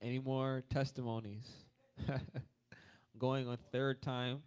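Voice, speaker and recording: A man's voice: mid-range voice, little pitch movement, slow, darkish tone, clear, resonant tone. A man leading the testimony time at a church service, sharing his own testimony and rallying the congregation in an upbeat way. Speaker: service emcee. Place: church sanctuary.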